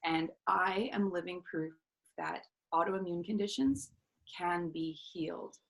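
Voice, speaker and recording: A woman in her thirties tells her own story as an interview guest, with an earnest, reflective tone. Her voice sits a little low for a woman, and she often pauses with fillers and starts sentences over. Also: poor audio. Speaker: self-love coach, guest.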